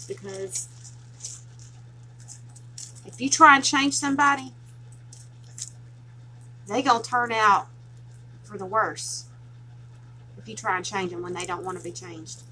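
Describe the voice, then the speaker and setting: A Tennessee woman with a strong Southern twang hosts a craft tutorial, chatting casually and laughing often as she guides viewers through the project. Her voice is medium-pitched with a sharp tone, on a rough recording with slight background noise.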